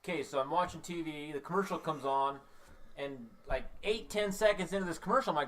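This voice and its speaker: A man co-hosting a casual podcast, telling a quick, eager story. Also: a little high, fairly bright tone. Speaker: podcast co-host. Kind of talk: casual chat.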